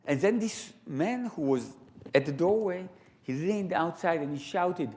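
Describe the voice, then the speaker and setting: A man with an Israeli accent telling stories live to an audience in a large sanctuary, animated and full of laughing asides. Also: fairly high pitch, measured pace. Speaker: storyteller guest. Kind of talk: live storytelling talk.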